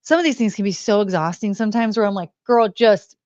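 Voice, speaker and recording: A woman chatting on a podcast, telling a story with animated quoted lines. Her voice sits in a middle range and sounds dry and close. The sound is a bit dull and lo-fi. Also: medium pitch, racing, no echo. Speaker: podcast co-host. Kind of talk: casual chat.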